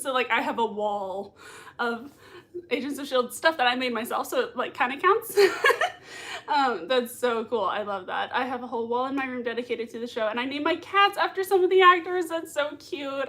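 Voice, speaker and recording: A woman's voice: on the high side, sharp tone. A woman hosting a livestream from home, reading out viewer comments and gushing over them with lots of giggles. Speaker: livestream host. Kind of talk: live chat reading. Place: home room.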